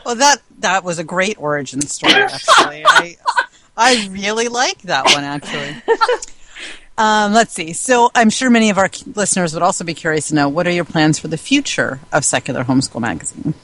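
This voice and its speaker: A woman's voice: fairly low pitch, sing-song, a little fast, pushed and bright. A woman hosting a podcast, praising her guest and asking about her plans. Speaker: podcast host. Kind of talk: interview questions.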